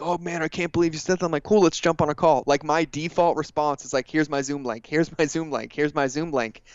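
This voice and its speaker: A man talking as a guest on a podcast in a casual, energetic way, driving his points home with repetition. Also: medium pitch, clear, resonant tone, no echo, muffled recording. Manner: energetic, emphatic, repeats phrases for effect. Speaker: guest entrepreneur.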